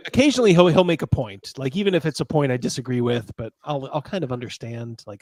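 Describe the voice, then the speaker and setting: A man's voice: mid-range voice, animated, brisk, hardly any pauses, no echo. Male host, casual and laughing, close dry mic. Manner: laughs often, reads viewer messages aloud. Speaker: show host. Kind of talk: casual livestream chat.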